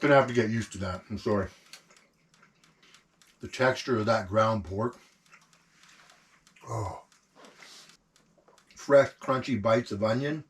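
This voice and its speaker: A man filming a relaxed camp cooking vlog inside an ice fishing tent, savoring his food and talking with his mouth full. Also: lowish voice, slow, pauses often, husky. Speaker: outdoor vlogger.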